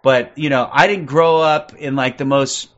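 A man's voice: mid-range voice, steady tone, moderate pace, fairly bright tone, dull audio. Profane, combative man in his forties. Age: 40s. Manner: profane, aggressive, repeats "okay?" constantly. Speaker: livestream host. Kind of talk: ranting livestream commentary.

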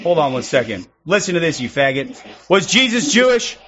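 A young man streaming in online game voice chat, taunting other players in a loud, abrasive way that often breaks into shouting. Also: a little high, sing-song, brisk, dull audio, slight background noise. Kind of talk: aggressive trolling over game voice chat.

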